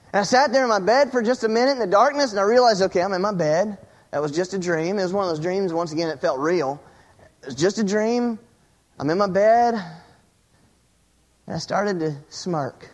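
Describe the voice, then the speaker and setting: High-voiced man preaching a story. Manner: storytelling, dropping to a hushed low voice for suspense, rising with excitement; repeats words and restarts phrases. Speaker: pastor. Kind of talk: sermon.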